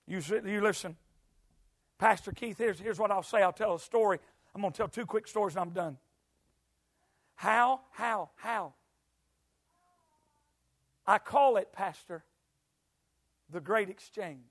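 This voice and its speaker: A man preaching a sermon in a church, swinging between quiet storytelling and shouted, rhythmic climaxes. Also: high voice, a little slow, pauses often. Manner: shouting, sing-song preaching cadence.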